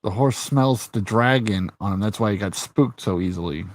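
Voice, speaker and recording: A host with a voice on the low side retells scenes at a moderate pace in a casual chat. He's an animated storyteller who swears freely and laughs a lot.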